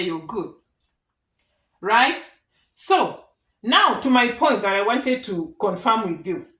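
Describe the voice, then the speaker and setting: A woman's voice: medium pitch, a bit bright. A woman giving earnest, repetitive advice straight to her viewers in a casual vlog. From Kenya. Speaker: vlogger giving advice to immigrants. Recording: echoey room.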